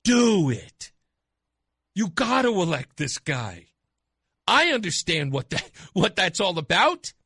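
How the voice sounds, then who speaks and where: A male talk radio host delivering a mocking, animated opinion monologue. His voice runs high and swings widely in pitch, with a bright, sharp edge. The sound is dry and close, with no room around it. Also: a little slow, vocal fry, slightly rough, no echo.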